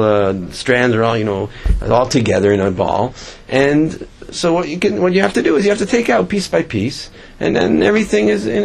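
A man teaching a Torah class as a rabbi, telling stories casually with many restarts and jumping up in pitch when he quotes others. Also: vocal fry, slight background noise. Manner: animated, jumps up in pitch when quoting others; loose, conversational, many restarts. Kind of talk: casual Torah lecture with storytelling.

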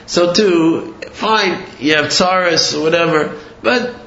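A man teaching a religious lesson, telling a story in an animated, digressive way with many fillers. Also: fairly high pitch, takes it slowly. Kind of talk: sermon with storytelling. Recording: roomy, slightly dull recording.

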